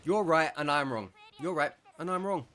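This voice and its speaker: A man retelling a story, mimicking a rude, sarcastic male customer who ends up shouting insults. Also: mid-range voice, fast, natural voice.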